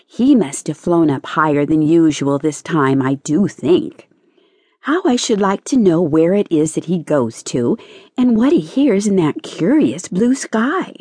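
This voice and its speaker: A woman's voice: fairly low pitch, expressive, measured pace, a little mellow, husky, no echo. A woman voicing a timid, anxious female green caterpillar in a storybook audiobook, plaintive and earnest. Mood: wistful.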